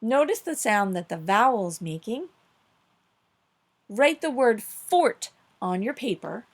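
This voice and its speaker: A woman teaching a children's phonics lesson, upbeat and encouraging, slowing down to stress each word clearly. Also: fairly high pitch, big pitch swings. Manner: upbeat, encouraging, slow clear emphasis on words.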